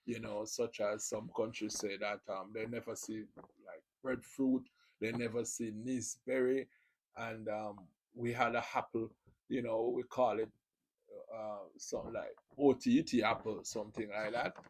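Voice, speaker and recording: A man's voice: on the low side, flat delivery, normal speed, a little hiss or hum, low-quality recording. A man with a Jamaican accent hosting his own video channel, giving a casual, rambling spoken testimony full of "you know" fillers.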